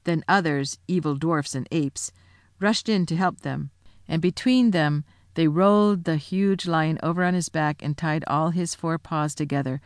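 A woman's voice: deep voice, no echo, clean studio sound. Woman reading a storybook aloud. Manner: expressive, dramatic narration. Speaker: audiobook narrator.

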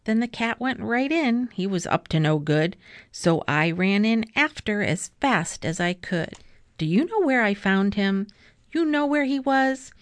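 Slow, expressive woman reading a rhyming story. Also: mid-range voice, no echo. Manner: expressive, rhythmic rhyme reading. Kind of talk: reading a children's book aloud.

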